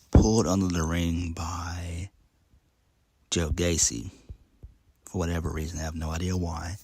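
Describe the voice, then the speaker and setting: Gravelly low-voiced man recapping casually. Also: dry recording. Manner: rambling, many ums and uhs, laid-back. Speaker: wrestling show reviewer.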